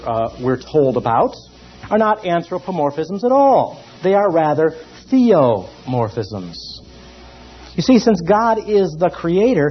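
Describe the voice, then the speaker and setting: Man lecturing on theology, lively and emphatic, slightly high, dull lo-fi sound. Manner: lively and emphatic, with many pauses. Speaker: theology teacher. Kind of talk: classroom lecture. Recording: dull lo-fi recording.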